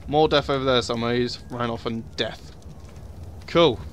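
A man's voice: medium pitch, fairly even intonation, normal speed, a little hiss or hum. A young man giving casual, sweary commentary over a survival game, muttering asides to himself. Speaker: gaming video host.

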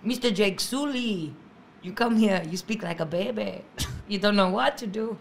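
A woman's voice: mid-range voice, normal speed, gravelly, a little hiss or hum, pitched above the performer's own voice, close to an everyday voice. A woman putting on an over-the-top accent for a scolding movie alien man.

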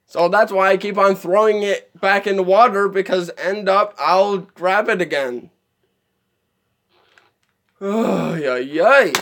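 A man's voice: sits high, fairly bright tone. A man streaming live gameplay commentary, chatty and easily exasperated, laughing often at what happens on screen.

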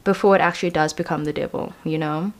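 A woman's voice: deep voice, steady tone, fast talker. A young woman giving a casual tarot card reading, chatty and reassuring, often saying "you know" and "um".

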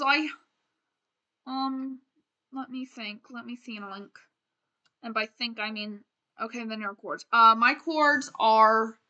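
Young female streamer, bright higher voice, rambling playful game chatter. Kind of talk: casual gameplay commentary.

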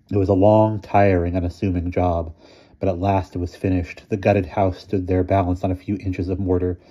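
A deep-voiced man reads a short story aloud, steady and measured. His tone is dark and husky, and the recording sounds dull and lo-fi. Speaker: narrator. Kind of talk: audiobook reading of a short story.

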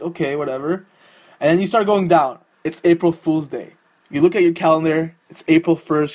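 A young adult doing sarcastic gaming commentary, full of swearing. The delivery is mocking and easily excited, talking straight to the viewer at a middling pitch. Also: moderate pace. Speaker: gaming YouTuber.

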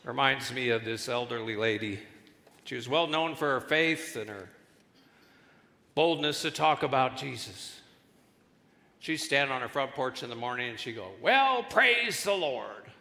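A pastor with a medium-pitched, gravelly voice preaches a sermon at normal speed, pausing often as he tells stories and acts out voices in his jokes. The sound carries the reverberation of a large church hall.

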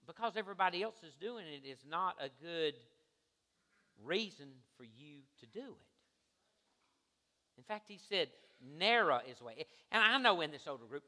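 A male pastor with a high voice and a very bright, forceful tone preaches in a church sanctuary. His sermon swings from quiet, conversational asides to loud, ringing exhortation. A long reverb trails each phrase through the hall. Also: sing-song, moderate pace.

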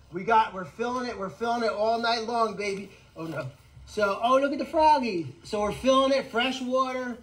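A man hosting a casual live vlog outdoors on an animal sanctuary farm, talking in an excitable, rambling way. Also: sits high, poor audio.

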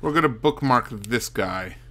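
A man's voice: medium pitch, animated, unhurried, pushed and bright. A man streaming a mystery game, thinking aloud and muttering as he puzzles things out. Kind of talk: casual let's-play commentary.

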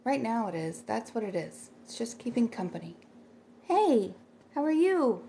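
A woman's voice: a little high, sing-song, normal speed, dark tone, slight background noise. A middle-aged woman chatting casually on a livestream, rambling and thanking viewers by name as she reads their comments.

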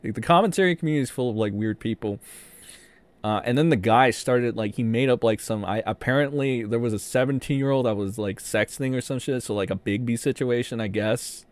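A man hosting a casual livestream, rambling and profane, in animated commentary. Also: mid-range voice, brisk, clean tone, dry recording. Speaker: streamer host.

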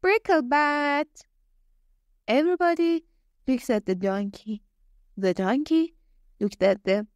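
A woman reading a story aloud slowly and carefully for English learners. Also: medium pitch, animated, dark tone, no room sound, clean studio sound. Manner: slow, careful, clearly spaced reading. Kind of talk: slow scripted story narration.

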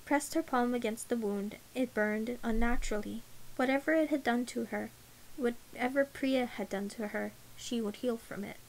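A woman reading an audiobook in a measured, unhurried way. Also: on the high side, slight background noise, low-quality recording. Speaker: audiobook narrator. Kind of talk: audiobook narration.

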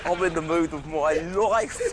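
A man's voice: fairly high pitch, a little slow, natural voice. An actor playing a brash young lad and new dad in a comedy sketch, bragging and laughing at his own jokes. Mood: boastful. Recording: noisy sketch show audio.

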